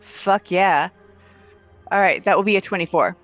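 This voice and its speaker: A player at a tabletop game with a voice pitched in the middle range, talking in a brash, playful way and cursing freely. Soft music plays faintly underneath. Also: moderate pace. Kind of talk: casual game table chat.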